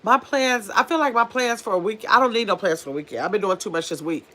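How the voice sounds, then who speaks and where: Chatting with viewers and reading their comments aloud, a woman hosts a casual livestream from home in her pajamas. Her voice sits at medium pitch, with a quick pace and a sharp tone.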